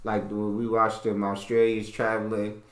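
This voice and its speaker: A man's voice: lowish voice, completely flat delivery, normal speed, reverberant. An American man hosting a reaction video, chatting playfully and laughing with a colloquial manner. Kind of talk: casual reaction chat.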